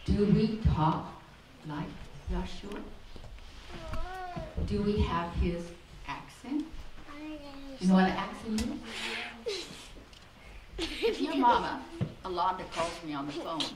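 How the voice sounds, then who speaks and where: An older American woman giving a lively children's sermon in a sing-song storytelling manner, recorded from far off in an echoey hall. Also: medium pitch, slow pace, pauses often, crowd noise. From United States. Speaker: children's teacher at a congregation. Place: large hall of a congregation.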